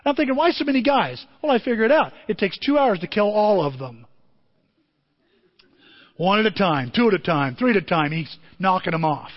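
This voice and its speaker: A pastor delivers a sermon as animated storytelling, his high-pitched, lively male voice swinging widely and bursting into excited shouts at a brisk pace. The voice rings through a large hall with a long echo, and the audio is dull and lo-fi.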